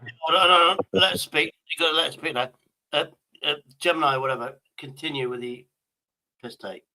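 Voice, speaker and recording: A man's voice: a little high, normal speed, pushed and bright, poor audio. A man hosting a stream in casual chat, crude, joking and rambling. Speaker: streamer host.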